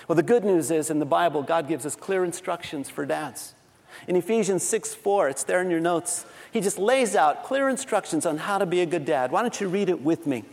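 A man's voice: fairly high pitch, fairly quick, in a large hall. A middle-aged man preaching a sermon, telling family stories with a laughing, self-deprecating manner. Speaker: pastor.

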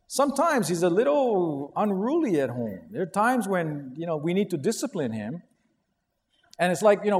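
A man's voice: fairly high pitch, a little mellow. A middle-aged man preaching a sermon as a pastor, telling stories with animation and acting out quotes. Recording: long hall reverb.

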